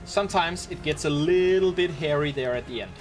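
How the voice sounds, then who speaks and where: With faint music in the background, a slightly high-voiced Danish man talks fairly quickly while leading a game raid. The raid commander is from Denmark and has a Danish accent, and he sounds relaxed and chatty, thinking aloud through his casual gameplay commentary.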